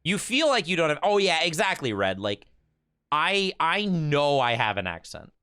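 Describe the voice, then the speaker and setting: A man's voice: fairly high pitch, sing-song, moderate pace, sharp tone, smooth, dry recording, clean studio sound. A young man with a Michigan accent, chatting casually to his stream while playing a card game, often stammering and repeating words. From Michigan, USA. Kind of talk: casual gameplay streaming chat.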